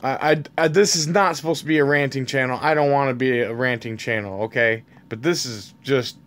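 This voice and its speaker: A man hosting his own channel, ranting angrily at the camera in a slow, sputtering way, swinging between yelling and trying to calm himself down. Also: mid-range voice, smooth. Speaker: channel host. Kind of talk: angry political rant to camera.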